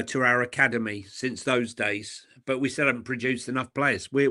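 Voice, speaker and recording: A man's voice: mid-range voice, pushed and bright. A man who is a guest on a football chat show and gives blunt, opinionated takes. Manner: blunt, opinionated, says "mate" a lot.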